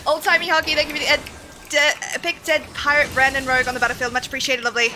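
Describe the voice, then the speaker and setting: A woman streaming a video game, chatting to her viewers, excitable and swearing often, with frequent laughs. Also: high voice, rapid-fire, over music, low-quality recording. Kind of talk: live-stream chat while gaming.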